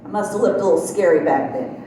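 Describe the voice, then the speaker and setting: A woman's voice: on the low side, fast, dark tone, far from the mic. A middle-aged woman doing a stand-up set in a small club, telling folksy stories and chuckling at her own jokes. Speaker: stand-up comedian. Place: small comedy club stage. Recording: very echoey room, from afar, faint noise.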